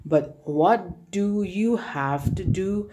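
A woman's voice: medium pitch, extremely slow, mellow. A woman reading as a thin wild wolf. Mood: earnest. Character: thin, scruffy, freedom-loving male wolf.

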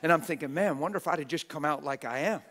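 A middle-aged man preaching a passionate, folksy sermon, often laughing and bursting into shouts. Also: fairly high pitch, fast, noisy background. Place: church hall with a congregation.

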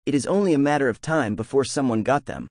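A man's voice: medium pitch, animated, fast talker, a little mellow, dry recording, clean studio sound, natural voice. A man voicing a playful, sly trickster god in a fan-made audiobook. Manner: teasing, sly.

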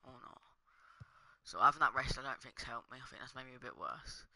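A man's voice: medium pitch, animated, brisk, gravelly, pushed and bright. A young man commenting casually on his own gameplay, swearing and muttering under his breath. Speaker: gaming streamer.

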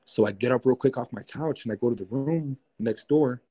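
A young man recounts a strange night in loose, animated talk, packed with fillers and swearing. His voice is warm and dark, and his pitch sits in an ordinary middle range. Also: fairly quick, poor audio. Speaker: guest. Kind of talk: casual storytelling.

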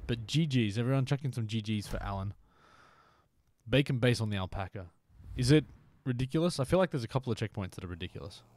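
A fast-talking man with a mid-range, darkish voice sounds animated as he streams a motorbike game. His live chat is casual and teasing, broken up now and then by whispers.

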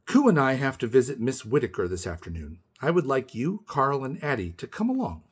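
A man voicing a calm, gentle old man who speaks slowly and plainly in a storybook read-aloud. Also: mid-range voice, slightly rough.

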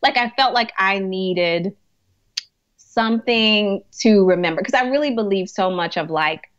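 An unhurried woman with a mid-range voice tells stories on a podcast, and the sound is lo-fi. She works as a hospice chaplain and grief coach, and her chatty style includes plenty of laughter and the word "like."

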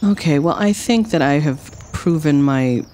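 A woman streamer commenting on her game and talking to her chat, sarcastic and playful, swinging from drowsy mumbling to excited shrieks. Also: low-pitched, a little slow, slight background noise.

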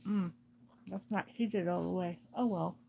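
Slow-talking chatty woman selling jewelry live. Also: on the low side, fairly even intonation, gravelly, noisy background. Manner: chatty, talks to the items, laughs often. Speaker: online jewelry reseller hosting a live sale. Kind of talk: casual live-stream chat while unboxing.

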